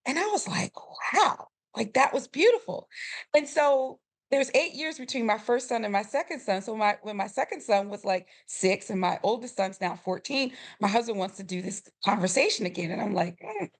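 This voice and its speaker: A middle-aged woman guest on a podcast, telling a family story with lively quoted voices and frequent laughter. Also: medium pitch, brisk. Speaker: podcast guest, grief coach. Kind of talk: storytelling in a conversational interview.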